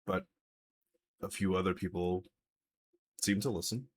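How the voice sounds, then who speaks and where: A man's voice: deep voice, measured pace. A man narrating a live tabletop game as game master, in a loose, hesitant way with many fillers. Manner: loose, hesitant narration full of likes and uhs.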